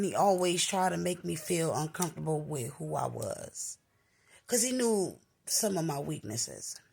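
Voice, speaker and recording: A married woman with a scratchy voice tells a personal story in a casual vlog, jumping up high in pitch when she quotes herself. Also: creaky, slightly rough. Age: adult, married. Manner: animated, jumps up high when quoting herself. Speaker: vlogger.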